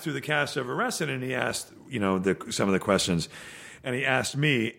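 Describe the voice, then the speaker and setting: A man with a gravelly, crackly voice talks casually as a guest on a podcast. He rambles through his stories and trips over fillers and restarts along the way. His pitch sits in an ordinary middle range. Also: a bit bright. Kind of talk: casual chat.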